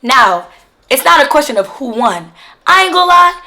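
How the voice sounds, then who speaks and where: A woman vlogger telling a story in casual chat, slangy and animated, acting out what others said. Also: high voice, moderate pace.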